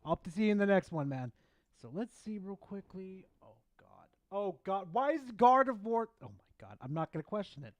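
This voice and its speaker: A man hosting a live stream in casual chat, excitable and swearing freely as he talks to his viewers. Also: high-pitched, moderate pace, no room sound. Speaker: streamer host.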